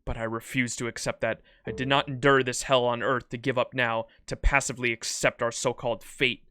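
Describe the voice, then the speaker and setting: A man voicing a proud, defiant ancient emperor, reading game dialogue in a grave, measured way. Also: mid-range voice, level tone, pushed and bright, clear, resonant tone, no room sound, clean studio sound, natural voice. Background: background music.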